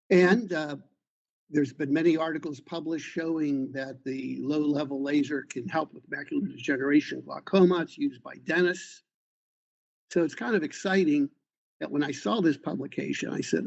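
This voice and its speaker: A man with a gravelly, slightly husky voice presents slides to his patients in a loose, conversational way. The sound is dull and lo-fi, like audio from an online meeting. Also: fairly high pitch, darkish tone. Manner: informal, with fillers and side remarks. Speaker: eye doctor leading a patient meeting. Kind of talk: slide presentation over a call.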